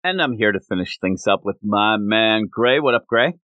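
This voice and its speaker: A man co-hosting a podcast, reviewing comic books in casual chat and acting out characters' lines in quick voices. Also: fairly low pitch, lively intonation, bright, forceful tone, no echo. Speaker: podcast co-host.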